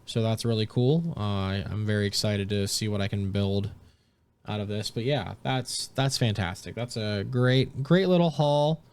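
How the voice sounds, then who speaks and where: A young man giving casual, excited commentary while opening trading card packs as a streamer. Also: moderate pace, clear, resonant tone. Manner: excited, jumps high in pitch at big pulls.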